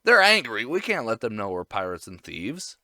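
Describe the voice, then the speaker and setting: A man's voice: fairly low pitch, sing-song, moderate pace, pushed and bright, no echo, clean studio sound, heavily acted. A man voicing a scheming young woman thief with a snippy manner, in a casual cartoon recap.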